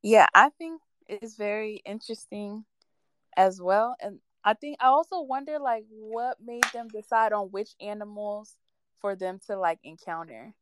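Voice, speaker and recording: Woman chiming in on the chat, smooth voice, dry sound, a bit unsure. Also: medium pitch, a little slow, a bit bright, dry recording. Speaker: discussion participant. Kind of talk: casual chat.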